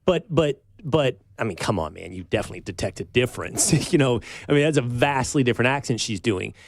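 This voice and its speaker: A man's voice: mid-range voice, expressive, a little fast, no echo. A man hosting a talk show, talking in a pointed conversational way as he challenges his guest. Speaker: show host.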